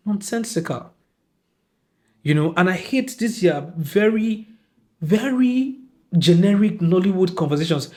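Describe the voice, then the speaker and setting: A man's voice: high-pitched, normal speed. A man with a Nigerian accent hosting a podcast, giving a casual, exasperated film review and acting out lines from the film. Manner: animated, exasperated, acts out quoted lines.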